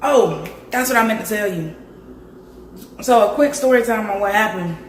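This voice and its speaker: A woman vlogger with a raspy, hoarse voice from a sore throat, chatting straight to her viewers. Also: mid-range voice, normal speed, roomy sound, slight background noise. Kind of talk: casual vlog chat.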